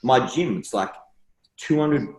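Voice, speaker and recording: Animated man in a roomy space. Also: medium pitch, a little slow. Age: young adult. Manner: animated storyteller, acts out dialogue in shifting voices. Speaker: interview guest. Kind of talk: casual conversational interview.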